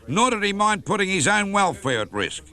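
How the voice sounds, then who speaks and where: A man's voice: sits high, big pitch swings, moderate pace, sharp tone. A man with an Australian accent narrating a sports documentary in a cheeky, playful tone.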